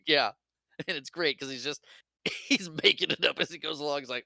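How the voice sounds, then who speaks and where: Bright-voiced, playful man on a podcast. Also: on the high side, animated, moderate pace, gravelly, dry recording. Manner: laughs often, playful, does character voices. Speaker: podcast co-host. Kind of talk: casual movie recap chat.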